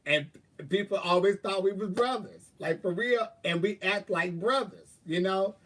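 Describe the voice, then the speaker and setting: A man with a slightly high voice talks with viewers in a loose, sassy way. He swears freely and throws out drawling asides. He sits a little back from the mic. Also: moderate pace, fairly bright tone, distant mic. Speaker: live-stream host. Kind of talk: casual chat, answering viewers.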